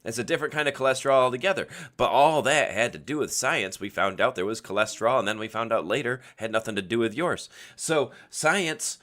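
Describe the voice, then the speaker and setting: A man's voice: mid-range voice, fairly quick, few pauses, a bit bright. A man hosting a casual live-stream chat, explaining at length and laughing often. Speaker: podcast host answering questions.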